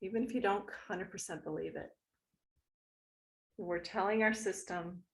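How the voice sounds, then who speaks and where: A woman guides a tapping meditation in a gentle, unhurried, instructive way. Her voice has a gravelly edge. She sits at an ordinary middle pitch. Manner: gentle, instructive, slow and soothing.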